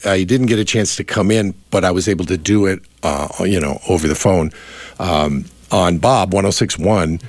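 A man's voice: low-pitched, normal speed, no echo. A middle-aged man hosting a casual radio chat, rambling with many fillers and restarts. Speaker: radio host.

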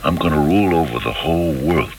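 An actor playing a wary male pickpocket, hesitant and halting, in radio drama style. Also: rumbling low, breathy edge, poor audio. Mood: uneasy. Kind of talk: 1970s radio drama acting.

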